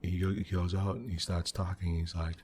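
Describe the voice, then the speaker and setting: Man, very low voice, soft-spoken ASMR game commentary, meandering storyteller, faint hiss behind. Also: level tone, normal speed. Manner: rambling storyteller, many "you know" fillers; quiet, hushed delivery. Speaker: gaming channel host.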